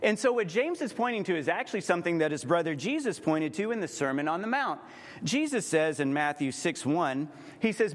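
A man preaching a sermon in a conversational way, acting out quoted voices as he explains scripture. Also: a little high. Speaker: pastor. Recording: long hall reverb.

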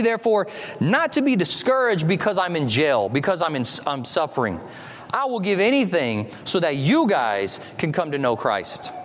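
A man preaching a sermon in a lively, animated way, stretching key words as he reads scripture and explains it. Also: high-pitched. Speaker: pastor. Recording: long hall reverb.

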